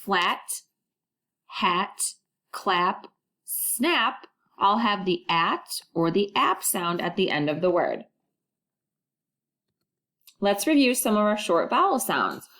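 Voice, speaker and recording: A woman teacher records a phonics lesson for first graders. She speaks slowly and sounds out each vowel clearly. She keeps prompting the children to repeat after her and encourages them as they go. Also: mid-range voice, big pitch swings, fairly bright tone.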